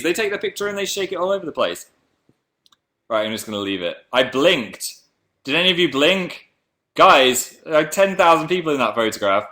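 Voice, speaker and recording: A young man with a slight northern English accent, chatting casually on a livestream and answering viewer comments in a playful way that jumps into silly high voices. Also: a bit bright.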